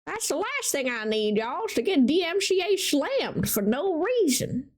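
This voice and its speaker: Speaking at a measured pace, a woman with a high voice runs a live stream and is very animated. As host, she showcases community art, chatting casually and reacting with enthusiasm to viewers' pieces.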